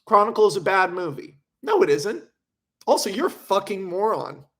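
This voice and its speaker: Viewer questions get read out by a high-pitched young streamer talking at a moderate pace. He rambles in a lively, casual way, cursing frequently.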